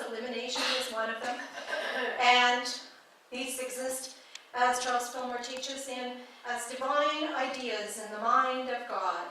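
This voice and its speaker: A woman's voice: a little high, sharp tone, a little hiss or hum. A woman giving a conversational, playful sermon as a guest speaker at a spiritual church. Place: church sanctuary. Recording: echoey hall from far off.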